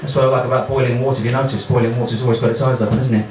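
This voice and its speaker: Deadpan English comedian in an echoey club. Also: male voice, medium pitch, rapid-fire, a little hiss or hum. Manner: deadpan, offhand, chatting with the crowd. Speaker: stand-up comedian. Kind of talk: stand-up comedy set. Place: small comedy club stage.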